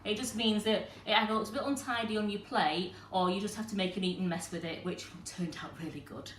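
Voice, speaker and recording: Woman, mid pitch, talks viewers through a live cooking demo in an echoey kitchen with faint background hum. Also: fast. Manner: chatty, explains step by step to viewers. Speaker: cooking demonstrator and host.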